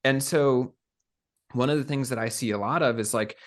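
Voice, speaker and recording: A man co-hosting a podcast, talking in an earnest, measured, coaching way. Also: mid-range voice. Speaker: podcast co-host. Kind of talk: reflective conversational talk.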